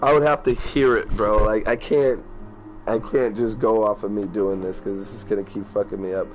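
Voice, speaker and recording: A man's voice: lowish voice, fairly even intonation, normal speed, soft background music. A man casually commenting on a game he plays, reading its lines aloud, rambling, swearing and stumbling over hard words. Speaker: let's play gamer.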